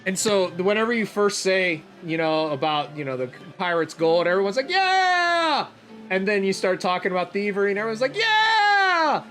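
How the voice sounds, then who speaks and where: A man's voice: sits high, quick pace, few pauses, faint music behind. Easygoing man running a tabletop game. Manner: relaxed, hesitant narration with many fillers. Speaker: game master.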